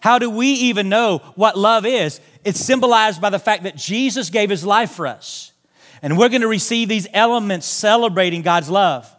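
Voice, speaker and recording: A man's voice: high voice, normal speed, fairly bright tone. A pastor preaching a sermon in a church, making earnest, direct appeals to his congregation. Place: church sanctuary.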